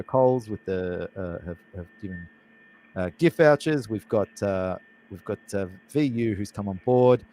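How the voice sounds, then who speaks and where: A man's voice: fairly low pitch, mellow, rough recording. Jokey man hosting a cooking show. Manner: chatty and jokey, self-deprecating. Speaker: host.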